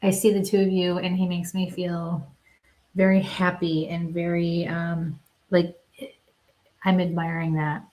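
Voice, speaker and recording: A woman working as a medium, giving live psychic readings and talking haltingly with many pauses and small laughs. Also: fairly low pitch, little pitch movement, a little mellow.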